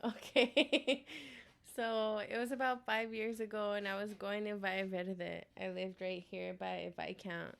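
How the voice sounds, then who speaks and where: Young woman with a gravelly voice. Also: medium pitch, fairly even intonation, a little slow. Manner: chatty, laughs often. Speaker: podcast guest. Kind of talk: casual chat.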